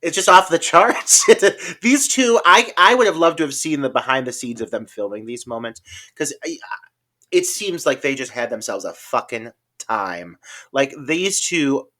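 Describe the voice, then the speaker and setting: A man's voice: mid-range voice, lively intonation, normal speed, bright, forceful tone. A man on a film podcast, gushing enthusiastically about scenes and laughing often. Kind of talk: casual film discussion.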